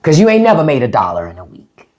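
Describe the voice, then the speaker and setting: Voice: mid-range voice, huge pitch swings, fast talker, a little mellow. A livestream host giving a blunt, profane, mocking rant to viewers. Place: livestream at home.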